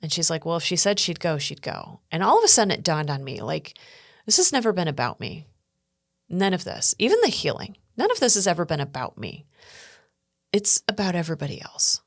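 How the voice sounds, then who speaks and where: A woman's voice: fairly low pitch, brisk, no room sound, clean studio sound. A middle-aged woman from the United States telling her story earnestly as a podcast guest, acting out what others said. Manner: earnest, animated storytelling with acted quotes. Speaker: guest speaker and coach.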